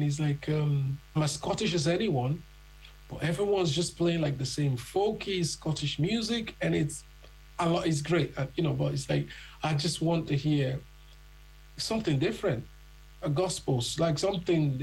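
A man from Nigeria tells his own story in an interview, animatedly acting out the voices of people he met. His voice is fairly high, husky, with vocal fry, and the recording quality is low.

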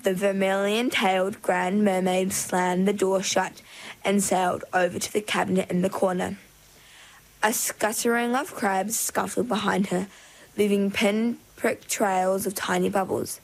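A woman reads a storybook aloud in a middling voice. Her delivery is expressive and measured. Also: medium pitch, low-quality recording. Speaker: narrator. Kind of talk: storybook narration.

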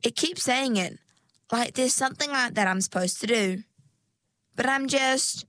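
A woman voicing a timid young mergirl who speaks hesitantly in a higher, softer voice. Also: a little slow, no echo.

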